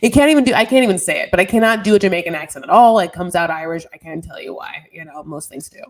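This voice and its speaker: A woman's voice: fairly low pitch, fast. A woman co-hosting a podcast over a video call, rambling with lots of fillers and mocking herself in casual chat. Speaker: podcast co-host.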